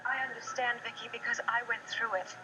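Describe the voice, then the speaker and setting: A woman's voice: on the high side, flat delivery, fairly quick, noisy background, close to an everyday voice. An actress playing a soothing, reassuring mother's spirit in heaven in a soap opera.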